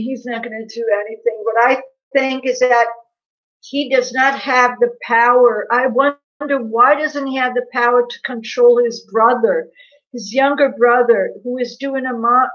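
A female livestream host gossips, laughs, and reads out viewers' names as she answers their comments in a casual stream. Her voice is on the high side and steady in tone, and she talks a little slowly. The audio is dull and lo-fi.

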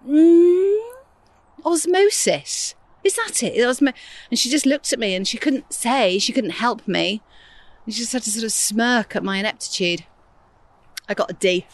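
A woman's voice: medium pitch, normal speed, no echo. A middle-aged woman from England, hosting a gardening podcast outdoors, chatting casually in a rambling, self-deprecating way while she works.

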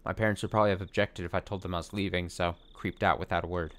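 A man streaming a visual novel, reading the story aloud and adding expressive, sometimes profane commentary. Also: deep voice, racing. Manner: expressive, swears when annoyed. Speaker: let's play streamer.

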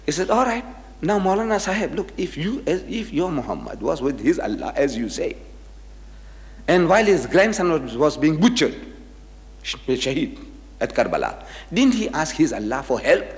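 A man's voice: on the high side, sing-song, normal speed, long reverb tail. An older man giving a religious lecture to an audience, telling anecdotes and acting out the voices of the people in them. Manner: storytelling, acting out quoted voices.

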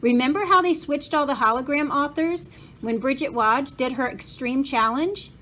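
An eager young girl rattles off facts with a keen, bookish manner, as a woman reads her part. Her tone sits fairly high. A faint hiss lies underneath. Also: moderate pace, a bit bright. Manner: eager, fact-spouting. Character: bookish know-it-all girl, about twelve.

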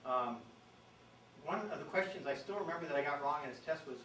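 A man with a bright, high voice gives an enthusiastic, jokey presentation on birds, imitating calls as he goes. He is heard from across a roomy, echoey meeting hall, with a faint hiss under the recording. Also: expressive, a little fast. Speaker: bird expert giving a presentation. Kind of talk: lively public talk. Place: meeting room with an audience. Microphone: distant from the microphone. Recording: echoey room from far off.

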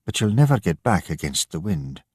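A man's voice: low-pitched, very animated, normal speed, a little mellow, slightly rough, no room sound, clean studio sound, full character voice. A man voicing a worried middle-aged mother who pleads insistently, in a storybook reading. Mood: grim.

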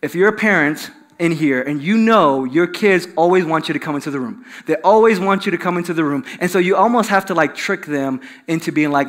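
A man's voice: a little high, fast, few pauses, fairly bright tone. A middle-aged man preaching a sermon in a church in a conversational way, with many fillers and repeated words. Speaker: pastor.

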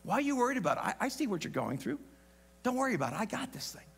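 A man voicing God as a calm, reassuring male figure who speaks softly and casually. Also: high voice, rapid-fire, vocal fry, slightly rough, full character voice.

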